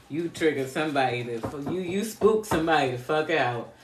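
A woman's voice: sits low, expressive, brisk, reverberant, slight background noise. A woman giving a casual live card reading, talking bluntly with profanity, laughing often and chatting with viewers. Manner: chats with viewers. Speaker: spiritual card reader.

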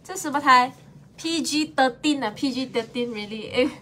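A woman's voice: sits high, moderate pace, pushed and bright. A woman co-hosting a live sale, chatting casually and laughing often. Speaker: live-stream co-host.

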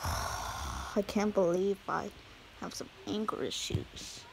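A woman's voice: medium pitch, slow, vocal fry, a little mellow, slight background noise, poor audio. A woman voicing a sulky male echidna with anger issues in a homemade toy skit, mumbling and sighing.

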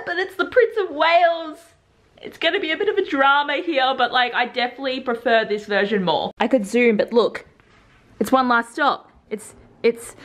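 A young woman chatting in a casual reaction vlog at home, full of "like" fillers and excited asides. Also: medium pitch. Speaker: book vlogger. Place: at home in pajamas.

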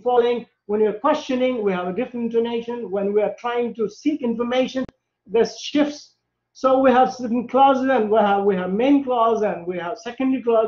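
A man presenting at an academic panel on language teaching, often stopping to repeat words as he builds his sentences. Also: very high voice. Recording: echoey room, dull lo-fi sound.

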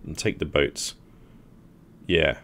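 A man's voice: rumbling low, slow pace, a bit bright. A man hosting a gaming channel, thinking aloud in casual commentary as he plans his moves.

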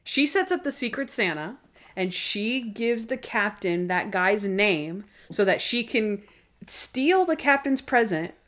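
A young woman co-hosting a podcast, chatting casually and excitedly about TV episodes, full of "like" and acting out bits of dialogue. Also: mid-range voice, takes it slowly. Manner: chatty, full of "like", acts out characters' lines. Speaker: podcast co-host. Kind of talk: casual chat recapping TV episodes.

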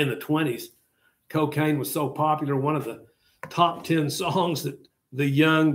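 A man's voice: fairly high pitch, fairly bright tone. An older man lecturing a class, rambling and joking as he tells stories and turns to his students. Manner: rambling, jokey storytelling with asides to students. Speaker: history teacher.

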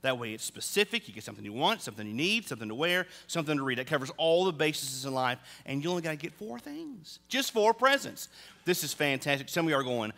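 A man's voice: fairly high pitch, sing-song, quick pace, gravelly, sharp tone. A middle-aged male pastor preaching a sermon in a church, telling stories with humor and animation. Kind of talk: sermon with storytelling. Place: church sanctuary. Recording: long reverb in a large hall.

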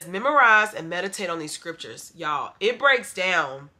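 A woman's voice: lowish voice, big pitch swings, normal speed, bright, forceful tone. A young adult woman chatting casually to her viewers about faith and her plans, calling them "y'all" and sounding a little stuffy from allergies. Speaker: vlogger. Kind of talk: casual faith vlog chat.

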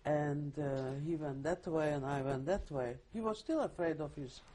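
Older woman, husky. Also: low-pitched, dark tone. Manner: vivid storytelling with halting restarts. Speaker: Holocaust survivor giving testimony. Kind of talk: recorded oral history interview.

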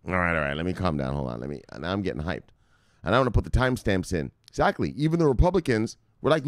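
A man hosts a crypto news show in a profane, ranting commentary. His voice leaps and drops all over the place, from loud outbursts to low mutters, and he laughs at his own jokes. It is recorded close and dry, with no room sound. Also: lively intonation, fast talker, no echo. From United States.

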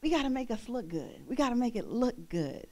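A young woman minister preaches in a church with bright, high pitch and lively energy. She laughs often and slips into bits of song as she goes. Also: fairly quick. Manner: animated, laughing, breaks into singing. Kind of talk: sermon.

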